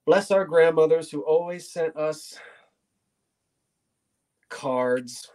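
A man's voice: a little high, slow, darkish tone. A middle-aged man hosting a live online sale, chatty and playful as he shows old cards. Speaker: auction host.

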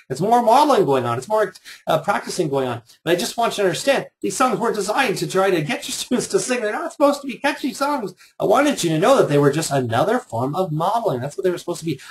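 A man's voice: high-pitched, sing-song, quick pace. A middle-aged man leading a live online workshop for teachers, chatty and joking, with sarcastic asides. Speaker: teacher trainer.

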